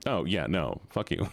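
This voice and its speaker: A man's voice: fairly low pitch, fairly bright tone. A young man from the US Midwest, chatting playfully and rambling to his chat while gaming on a live stream.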